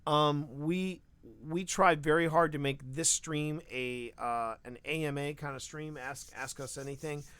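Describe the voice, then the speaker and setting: A man co-hosting a live podcast stream, talking in an animated, rambling way with frequent restarts. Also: on the high side, a little slow, hardly any pauses, smooth, dry recording. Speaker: podcast co-host. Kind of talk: casual live-stream chat.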